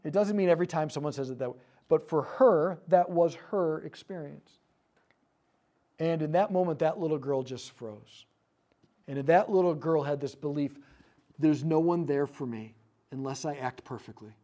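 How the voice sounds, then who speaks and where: A man leading a teaching talk, telling a story about inner-healing prayer. His voice sits a little high but sounds dark and mellow. He lets it fall soft and hushed whenever he quotes a prayer. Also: moderate pace. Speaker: speaker leading a prayer ministry session.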